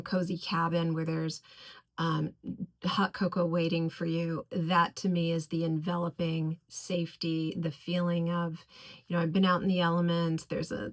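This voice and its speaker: Woman, fragrance reviewer, unhurried, gushing, slightly low voice. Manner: effusive, gushing about scents; slow, deliberate listing of notes. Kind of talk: casual product review.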